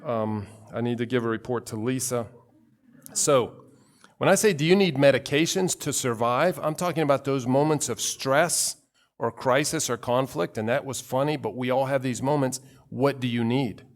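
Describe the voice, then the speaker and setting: A man's voice: mid-range voice, normal speed. A male pastor giving a conversational sermon, telling personal stories with asides and acting out quoted voices.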